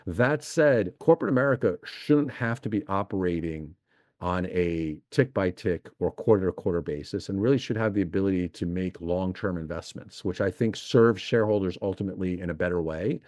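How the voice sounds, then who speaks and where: A man's voice: sits low, a little fast, darkish tone, no echo, studio quality. A middle-aged man, an investment executive talking as a podcast guest, explaining eagerly and piling up examples. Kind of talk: podcast interview.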